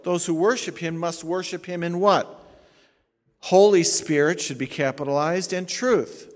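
A man's voice: on the high side, a little slow. A male pastor teaching a sermon, explaining Greek grammar point by point with emphatic stresses. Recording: long hall reverb.

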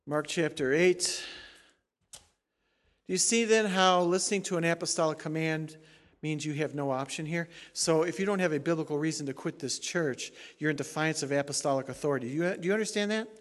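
A man preaching a sermon as pastor, emphatic, moving from quiet asides to loud rising exhortation. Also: fairly high pitch, a little fast. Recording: long hall reverb.

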